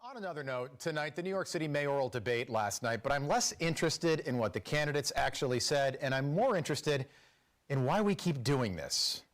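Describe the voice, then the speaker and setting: A man's voice: mid-range voice, expressive, a little fast. A man delivering a sardonic opinion monologue in a TV clip. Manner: sardonic, mocking. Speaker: TV news commentator. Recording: clip played from TV.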